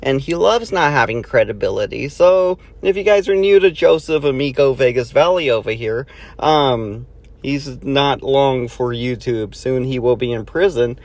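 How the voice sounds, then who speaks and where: A man's voice: mid-range voice, normal speed. A man speaking straight to viewers in a mocking, threatening tone. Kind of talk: monologue addressing viewers.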